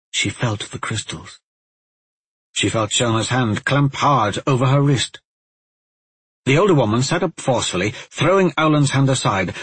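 A man with a low, husky voice narrates a fantasy audiobook, slow and hushed to build suspense. The recording is close and dry, with no room sound. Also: no echo, rough recording.

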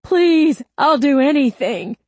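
A woman voicing a raspy, desperate male ex-convict in an audiobook, switching between bluster and frantic begging. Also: lowish voice, expressive, measured pace, dark tone, no echo, heavily acted. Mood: panicked begging. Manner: pleading, screaming in panic. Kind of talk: audiobook character voice.

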